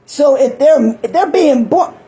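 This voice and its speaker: A woman's voice: sits high, expressive, measured pace, warm tone, low-quality recording. An older woman talking in a rambling, chatty monologue, often laughing and acting out little voices. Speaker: vlogger.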